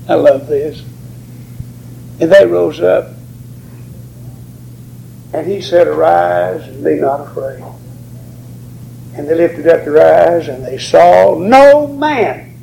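Male preacher, emphatic and drawn-out delivery, dark gravelly tone, recorded in an echoey hall. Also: fairly high pitch, a little hiss or hum. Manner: drawn-out emphatic preaching, rising on key words. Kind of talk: sermon.

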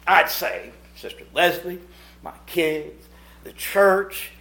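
A middle-aged man preaching a sermon at a church meeting. He swings from hushed asides to shouted points. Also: sits high, steady tone, takes it slowly, gravelly. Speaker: pastor.

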